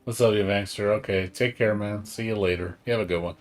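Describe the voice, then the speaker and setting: A man chatting casually on a live game stream, rambling and excitable, swearing often and tired from staying up all night. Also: on the low side, fast.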